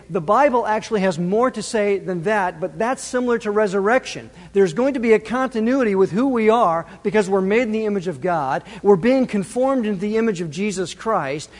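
A man preaching a sermon as pastor, lively and direct, speaking to the congregation and to the children in it. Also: high voice. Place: church sanctuary. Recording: long reverb of a large hall.

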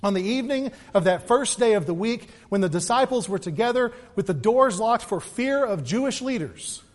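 Guy preaching easter sermon, pretty high voice, big echoey church hall. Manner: earnest, repeats words, shifts between quick and slow emphatic delivery. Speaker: pastor. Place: church sanctuary. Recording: long reverb of a large hall.

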